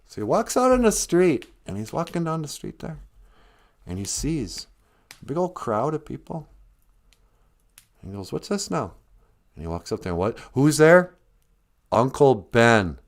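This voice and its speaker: Animated man telling a playful story. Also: medium pitch, moderate pace, long pauses. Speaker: storyteller and stream host. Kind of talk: casual live-stream storytelling.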